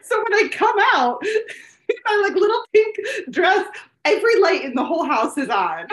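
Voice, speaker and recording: High-voiced rambling woman, echoey room. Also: moderate pace. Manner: rambling animated storytelling, many fillers. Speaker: podcast co-host. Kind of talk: casual chat.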